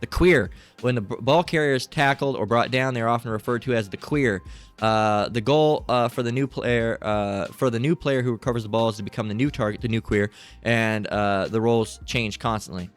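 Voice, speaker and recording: A man's voice: mid-range voice, fairly quick. A middle-aged man in a crude, profane, rambling commentary, reading text aloud and asking "right?" a lot. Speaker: channel host.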